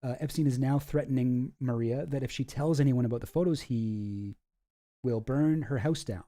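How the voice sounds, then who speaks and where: Guy rambling through some docs, mellow relaxed voice, lots of um and like. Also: mid-range voice, moderate pace. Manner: rambling, filler-heavy, reads documents aloud. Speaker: commentator. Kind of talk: casual commentary.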